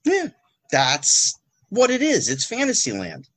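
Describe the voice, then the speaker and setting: A man talking as a podcast guest, animated and rhetorical with exasperated asides. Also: sits high, slow, vocal fry. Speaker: guest, former child actor. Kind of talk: casual podcast conversation.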